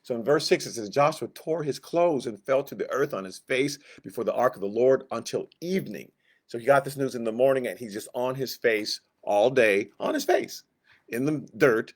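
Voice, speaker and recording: A man teaching a Sunday school Bible lesson in a conversational, animated way, acting out the quotes he reads. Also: medium pitch, moderate pace.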